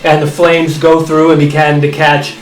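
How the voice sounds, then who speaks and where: A man narrating a tabletop fantasy game as game master, with lively, laughing delivery. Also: a little high, moderate pace, roomy sound, recorded from a distance, soft background music, low-quality recording.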